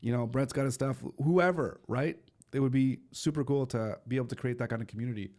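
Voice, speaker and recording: A man hosting a casual live stream and chatting with viewers, hoarse and coughing as his voice gives out, rambling with restarts and fillers. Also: medium pitch, fairly quick, darkish tone. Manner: addresses viewers directly.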